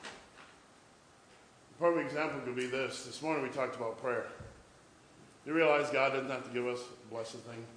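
A man's voice: medium pitch, steady tone, normal speed, pauses often, a bit bright, slight background noise. A man preaching a sermon in church, telling humorous stories and acting out family scenes. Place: church with a responding congregation.

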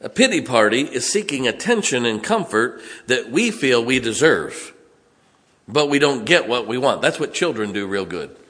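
A man preaching a sermon, dropping to quiet low asides and then rising to loud, emphatic exhortation. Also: big pitch swings, moderate pace. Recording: long reverb of a large hall.

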